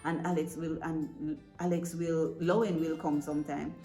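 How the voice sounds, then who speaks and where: Woman, lowish voice, earnest parenting advice, echoey room, faint music behind. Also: flat delivery, normal speed, dark tone. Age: adult parent. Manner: earnest and direct, checks in with "right?". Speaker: parent coach giving advice.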